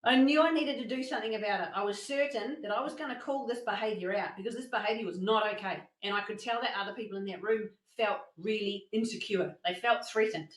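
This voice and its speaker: A woman presenting a motivational masterclass, telling stories in an animated way and acting out the quotes. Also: medium pitch, fast talker, few pauses, reverberant, rough recording. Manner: animated storytelling with acted-out quotes. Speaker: workshop presenter.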